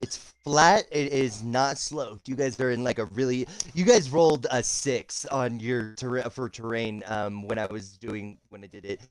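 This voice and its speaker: A man running a tabletop game as game master, describing the scene in halting bursts with many restarts. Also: mid-range voice, clear, resonant tone.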